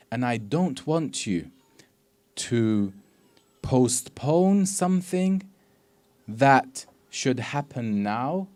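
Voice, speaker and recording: A man giving a religious sermon, telling stories and acting out dialogue, quoting Arabic, moving between soft passages and loud emphatic ones. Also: medium pitch. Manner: storytelling lecture with acted dialogue and Arabic quotes. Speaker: Islamic preacher.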